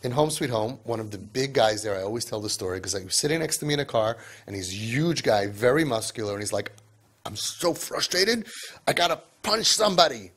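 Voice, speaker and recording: A man lecturing parents, emphatic, tossing in asides and Yiddish and Hebrew words, his pitch and loudness swinging for emphasis. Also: fast talker, few pauses. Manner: emphatic, with many asides of "right?" and "okay?". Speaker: parenting speaker.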